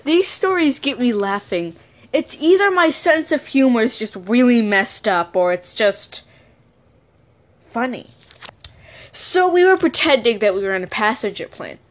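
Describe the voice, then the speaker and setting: A woman with a fairly high voice tells a funny story in a casual, rambling way. She speaks slowly, keeps giggling and breaks off into asides to correct herself. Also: sing-song.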